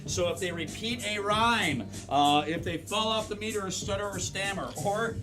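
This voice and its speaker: A man in his fifties runs a live improv comedy show from the stage, his voice set high. He works the crowd with lots of energy while loud music plays through the theater. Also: moderate pace. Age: 50s. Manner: upbeat, hypes the crowd.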